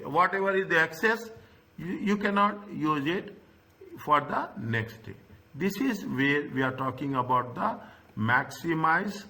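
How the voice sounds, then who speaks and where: A man's voice: on the high side, expressive, measured pace, bright, forceful tone. A middle-aged man teaching an accounting lecture, repeating himself and checking in with frequent "okay?" asides. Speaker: accounting tutor. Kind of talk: recorded lecture.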